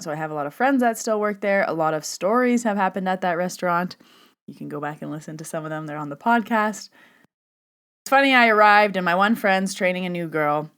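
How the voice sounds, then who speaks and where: A young adult woman with a fairly low voice hosts a podcast, telling a story in a casual monologue. She's chatty and animated, acting out the dialogue she quotes.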